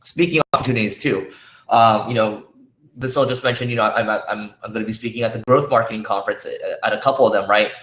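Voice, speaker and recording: A man with a lowish, slightly bright voice gives a conference talk at a quick pace, echoing around the room. He keeps it informal, stumbling through fillers and restarts as his tired voice begins to fail.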